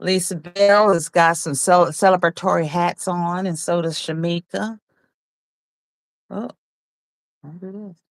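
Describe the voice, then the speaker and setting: A woman's voice: on the low side, fairly even intonation, unhurried, long pauses, no echo. A woman hosting a casual livestream, reading viewers' comments aloud, teasing them and laughing often. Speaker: livestream host.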